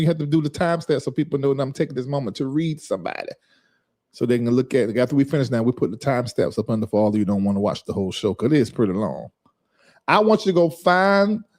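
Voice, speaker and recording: A man's voice: on the high side, a little mellow. A man, talking casually on a livestream. He reads viewer comments aloud and scolds a commenter with sass and a drawling rhythm. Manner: sassy, scolding, reading chat aloud. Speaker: livestream host.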